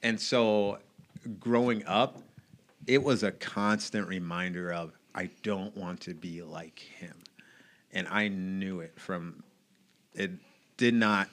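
A man in his late thirties talks as a podcast guest, open and reflective. His voice sits a little low but comes across bright and forward. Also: slow, long pauses. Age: late 30s. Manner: open and reflective, laughs often. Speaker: podcast guest, evangelist and motivational speaker. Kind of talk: casual chat.

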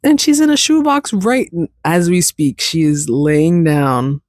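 Woman podcast host, casual solo chat, unhurried and rambling, dry close sound. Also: lowish voice, a little mellow, no echo. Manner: rambling, chatty, talks to her cat.

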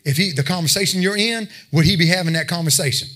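A man's voice: high voice, fast talker, pushed and bright. A man preaching a sermon, talking plainly with his listeners and building to emphatic exhortation. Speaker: pastor.

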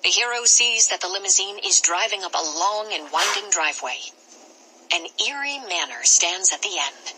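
A woman narrates an interactive storybook adventure in a very bright, crisp voice. Her reading is expressive, and she pauses for drama before each choice. A faint hiss sits under the voice. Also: mid-range voice, rough recording.

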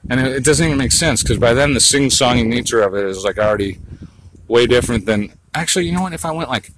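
Rambling, crude man vlogging outdoors on a phone; mid-pitched voice, plenty of street noise behind. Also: lively intonation, fast talker. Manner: rambling, crude, muttering asides, sings snatches. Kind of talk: rambling monologue vlog.

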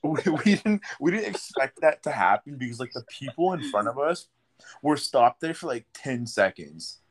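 Casting: young male podcast host, mid-pitched, animated storyteller, laughs a lot. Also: normal speed. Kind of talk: casual chat.

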